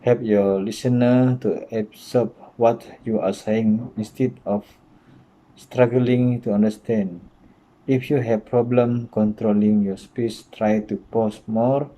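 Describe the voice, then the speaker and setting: Slow, dark-voiced man giving language tips. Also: mid-range voice, fairly even intonation, low-quality recording. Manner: hesitant, many uh fillers and grammar slips. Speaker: English pronunciation teacher. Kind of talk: instructional talk.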